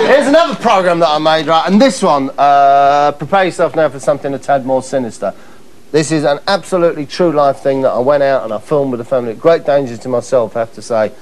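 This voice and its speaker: A man's voice: on the high side, a little hiss or hum, low-quality recording. A man hosting a comedy show, introducing clips with mock-dramatic asides and frequent laughter. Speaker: host presenting clips. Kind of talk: comic presenting.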